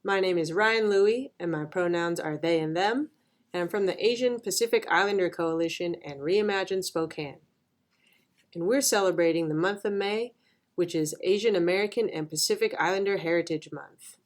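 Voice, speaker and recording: Gentle storytime reader. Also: mid-range voice, moderate pace. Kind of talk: children's storybook read-aloud.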